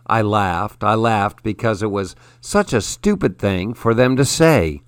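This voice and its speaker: Slow, measured male storyteller. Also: fairly low pitch, animated, clean tone, no room sound, studio quality. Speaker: audiobook narrator. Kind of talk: first-person storybook narration.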